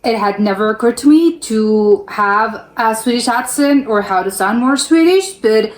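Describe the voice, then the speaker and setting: A woman's voice: fairly high pitch, animated, a little slow, roomy sound. An American woman hosting a reaction channel, chatting casually and tossing in short comments over the video. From United States.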